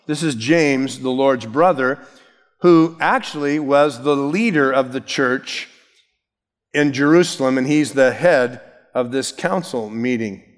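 A man's voice: medium pitch, measured pace, long reverb tail. A man preaching an expository sermon as pastor, emphatic, stressing key words and shifting his pace.

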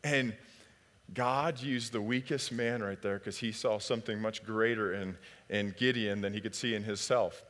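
A man preaching a sermon, lively and conversational, who acts out biblical dialogue in different voices. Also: fairly low pitch, moderate pace. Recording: long hall reverb.

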